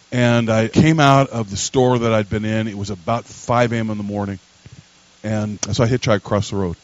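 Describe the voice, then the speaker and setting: A man's voice: mid-range voice, no echo, low-quality recording. Man preaching a sermon. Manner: storytelling, rising to loud emphatic preaching. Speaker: pastor.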